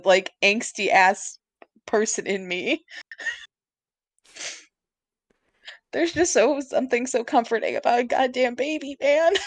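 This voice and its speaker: A woman's voice: a little high, no room sound. A young woman co-hosting a podcast in casual chat, swearing freely and laughing often. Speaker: podcast co-host.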